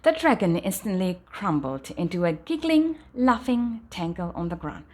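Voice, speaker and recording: Woman reading a picture book at bedtime, lively intonation that sinks softly at sentence ends. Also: on the low side, moderate pace. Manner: animated storytelling, dropping softly at sentence ends. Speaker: storybook reader. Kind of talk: bedtime storybook read-aloud.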